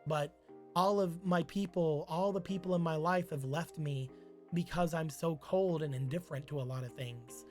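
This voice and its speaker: A streamer voicing a cold, secretive rich man who is drunk and talks in a quiet, flat mumble. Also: medium pitch, normal speed, faint music behind, natural voice. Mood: glum, muted.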